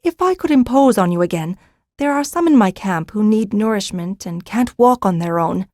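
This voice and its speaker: A woman's voice: medium pitch, expressive, moderate pace, a little mellow, no room sound, clean studio sound, natural voice. A woman reading an audiobook, voicing a commanding young noblewoman who speaks sternly and with authority. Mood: brisk. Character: commanding young noblewoman taking charge of a hold.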